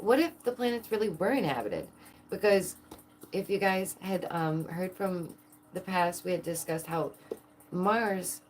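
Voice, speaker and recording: Woman vlogger, low-ish voice, casual and excitable, rhetorical questions, quick laughs. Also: a little hiss or hum. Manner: excitable, asks viewers many rhetorical questions, laughs often. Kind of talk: casual chat to camera.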